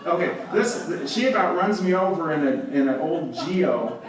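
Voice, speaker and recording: A man's voice: a little high, expressive, normal speed, a crowd in the background. A man giving a stage talk, telling wry anecdotes with frequent laughs. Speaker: presenter. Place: live event hall with audience. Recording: roomy, distant, with background noise.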